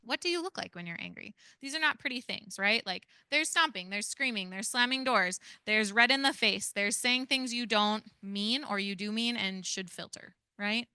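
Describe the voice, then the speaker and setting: A woman, a parent educator giving a lively workshop talk to foster parents and asking the audience many questions. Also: mid-range voice, moderate pace, hardly any pauses, clean tone, dry recording, studio quality.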